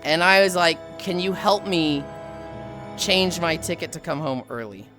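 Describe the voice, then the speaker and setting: A woman livestreaming while walking, telling a story casually to chat, animated and swearing freely. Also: lowish voice, a little slow, over music.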